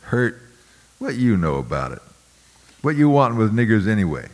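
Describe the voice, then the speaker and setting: A man's voice: fairly low pitch, very animated, moderate pace, pitched above the performer's own voice. A man voicing a small, hard, sullen plantation overseer, coarse and contemptuous in speech. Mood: scornful. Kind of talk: audiobook character voice.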